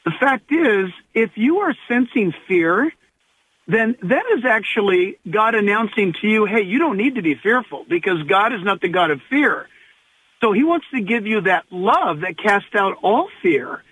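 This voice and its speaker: A man, a pastor, speaking earnestly as a radio interview guest and slowing down to stress his points. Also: high voice, expressive, fairly bright tone, breathy edge, dry recording. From Southern California. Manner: earnest, preacherly, slows for emphasis. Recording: tinny phone line.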